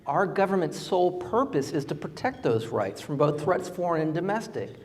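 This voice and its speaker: A middle-aged man giving a campaign speech at a fundraiser, impassioned, rising to emphatic peaks and dropping low and quiet. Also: very animated, normal speed, distant mic, a little hiss or hum. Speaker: political candidate. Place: fundraiser event venue.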